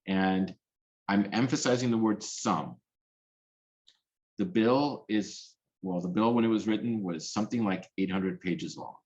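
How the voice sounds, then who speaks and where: Deep-voiced man giving a webinar talk. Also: low-quality recording. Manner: earnest, with frequent restarts and fillers. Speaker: policy specialist presenting a talk. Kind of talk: webinar presentation.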